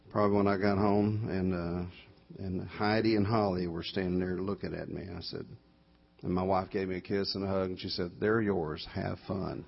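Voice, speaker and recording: A low, gravelly middle-aged man with a drawl, rambling through a homespun story and correcting himself as he goes. His voice is husky, and the live church recording sounds dull and lo-fi. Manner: folksy, meandering, self-correcting. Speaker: guest guitarist telling a story at a church concert.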